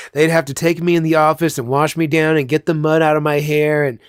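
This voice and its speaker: A man's voice: on the high side, clear, resonant tone, no echo, clean studio sound. A man hosting a casual chat, telling rambling childhood stories with lots of swearing and laughing at himself. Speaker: channel host.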